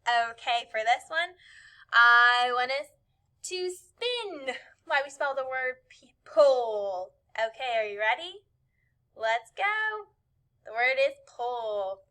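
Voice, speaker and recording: A woman's voice: fairly high pitch, slow, pushed and bright. A woman teacher, out of breath, leading a cheerful spelling lesson for young children and encouraging them as she jumps along. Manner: cheerful, encouraging, spells letters aloud while jumping.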